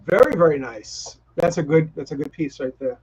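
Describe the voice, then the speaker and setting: A man with a Boston accent talks in an eager, rambling way and keeps restarting his sentences. His voice sits a bit high for a man. The sound is dull and lo-fi, like a video call on a live stream. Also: lively intonation, moderate pace, a little mellow. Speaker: co-host. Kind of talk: casual chat.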